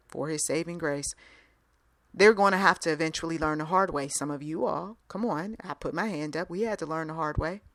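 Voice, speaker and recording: A woman's voice: deep voice, fairly bright tone, no room sound. A woman giving a casual spoken sermon with a conversational, plainspoken manner who repeats phrases for emphasis. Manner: conversational, acts out bits of dialogue. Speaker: faith-based speaker.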